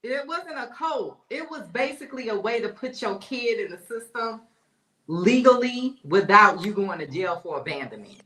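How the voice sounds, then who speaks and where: A woman telling a long story in a relaxed, informal way on a gossip panel. Her voice is bright. Her room echoes around her. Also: fairly high pitch, normal speed. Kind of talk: casual gossip chat. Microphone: remote call.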